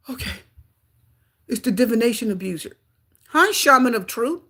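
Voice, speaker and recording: Woman reading tarot live, breathy voice, gets all worked up over the cards. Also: a little high, normal speed. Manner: excitable, gasping and exclaiming at cards. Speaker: tarot reader.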